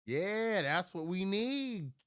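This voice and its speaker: A man hosting a live stream, ranting casually and profanely, with sudden jumps into loud impressions of people he argues with. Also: high-pitched, very animated, takes it slowly, smooth, dry recording, studio quality. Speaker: livestream host.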